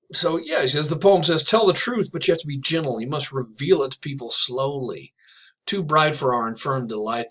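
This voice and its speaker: A man teaching a literature class in a chatty, digressive way, reading poems aloud slowly and telling jokes along the way. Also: medium pitch, fairly bright tone, husky, poor audio. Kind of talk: classroom lecture with poetry reading.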